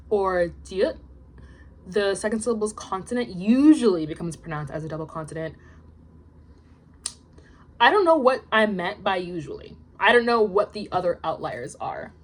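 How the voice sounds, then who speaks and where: A young woman reading out study notes in a casual vlog, chatty and self-deprecating, her asides trailing off into quiet mumbles. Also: mid-range voice, husky. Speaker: language learner vlogger.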